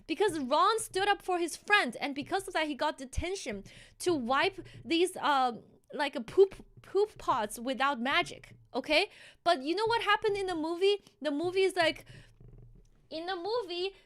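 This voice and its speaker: A woman streamer in a casual live-stream rant, animated and heated, often restarting her sentences. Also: extremely high pitch, normal speed.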